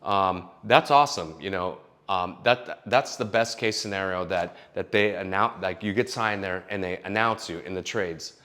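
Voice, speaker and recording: Animated swearing man giving blunt advice. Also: deep voice, normal speed, hardly any pauses. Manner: animated, swearing, many restarts. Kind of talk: casual advice monologue. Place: Los Angeles home.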